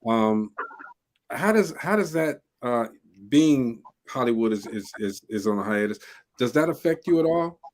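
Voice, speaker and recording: Animated man hosting a chatty interview. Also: mid-range voice, a little slow. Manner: animated, repeats words while framing questions. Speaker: talk show host. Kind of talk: casual interview chat.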